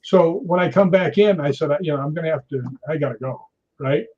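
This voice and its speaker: A man's voice: a little high, fairly quick. A man in his sixties, a guest in an interview, telling stories animatedly and acting out what people said. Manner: animated storyteller acting out quoted voices. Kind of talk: storytelling in an interview. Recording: dull lo-fi audio.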